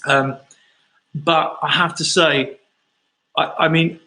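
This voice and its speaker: A man's voice: on the high side, little pitch movement, takes it slowly, bright, forceful tone, poor audio. A man from London, a singer chatting casually through fan questions on a livestream and telling rambling stories.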